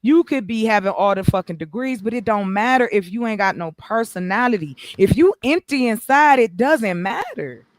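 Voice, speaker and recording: A woman hosting a casual live stream, animated and joking, swearing freely. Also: on the high side, normal speed, hardly any pauses, no room sound. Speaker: stream host. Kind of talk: casual chat.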